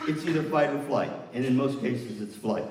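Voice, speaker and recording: A man presenting an energetic, interactive workshop, coaching an audience through a partner exercise. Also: medium pitch, normal speed. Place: large hall with an audience. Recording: far-off echoey hall with room noise.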